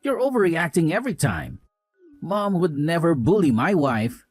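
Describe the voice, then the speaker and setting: A man's voice: a little high, big pitch swings, normal speed, no room sound, studio quality, faint music behind. A man voicing a young husband who scolds his wife with contempt and sides with his mother in a voiced drama story. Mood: scornful.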